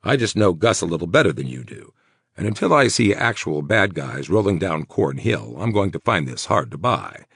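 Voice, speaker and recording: A man's voice: deep voice, big pitch swings, normal speed, creaky, a bit bright, slightly rough, no room sound, studio quality, exaggerated voice. A man voicing a laid-back, teasing former cop with a wry, easygoing delivery. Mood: joking.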